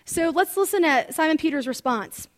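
A woman teaching from the Bible in an animated, conversational sermon full of asides. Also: high voice, normal speed. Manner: animated, chatty storytelling with asides.

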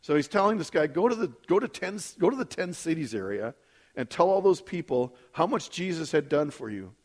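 Animated man reading scripture with asides. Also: a little fast. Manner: casual asides with frequent "right?"; dramatizes quotes with sudden high voices. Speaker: Bible study leader. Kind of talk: Bible reading with commentary.

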